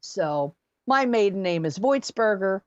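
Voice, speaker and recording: A middle-aged woman from near Philadelphia, a singer telling gig stories as a podcast guest, animated and chatty with many restarts. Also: medium pitch, a little slow, no echo, highs cut off. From near Philadelphia, USA. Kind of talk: casual storytelling.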